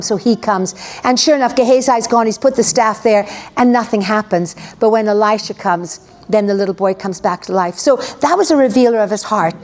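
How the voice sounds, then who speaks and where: A woman's voice: fairly high pitch, normal speed, a little mellow. A woman preacher retelling a story in a chatty, conversational sermon, full of restarts and asides. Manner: chatty, lots of "you know", restarts.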